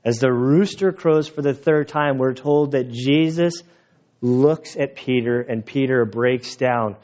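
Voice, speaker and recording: A man's voice: mid-range voice, slow, darkish tone, highs cut off. A male pastor preaching a sermon outdoors, telling stories in a conversational, sometimes emotional way. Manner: conversational storytelling, emotional at times. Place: outdoor church gathering.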